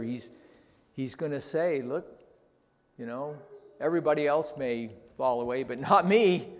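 Slow, deliberate male preacher. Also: medium pitch, creaky. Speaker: pastor. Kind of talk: sermon. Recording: long reverb in a large hall.

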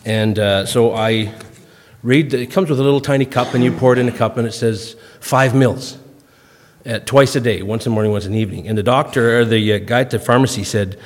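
A man's voice: mid-range voice, a little fast. Folksy older man in a reverberant hall. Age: 50s. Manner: folksy, self-deprecating storyteller with comic timing. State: recovering from a cough, clears throat. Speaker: guest speaker. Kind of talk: humorous storytelling talk to a congregation.

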